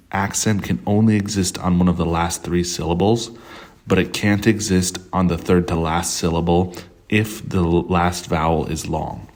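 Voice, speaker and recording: Man, very low pitch, tutor explaining grammar, unhurried, frequent ums and uhs. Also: a little mellow. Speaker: language tutor.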